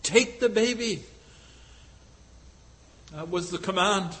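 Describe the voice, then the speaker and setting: A man's voice: high voice, slow, bright, forceful tone, low-quality recording. A male preacher delivering a sermon, retelling a scripture story with rhetorical questions and frequent hesitant fillers.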